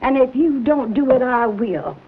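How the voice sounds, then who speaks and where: A woman's voice: sits high, expressive, measured pace, slightly rough, full character voice. An actress playing a stern frontier mother who scolds her grown son emphatically, in a 1950s TV western drama. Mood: scolding. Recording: tinny, narrow-band old soundtrack.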